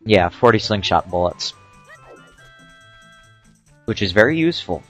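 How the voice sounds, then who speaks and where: A man with a fairly low voice talks casually over gameplay. He explains tips in a relaxed way, drops in dry asides and stops for an "uh" now and then. Faint game music plays underneath. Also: unhurried. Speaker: let's play commentator.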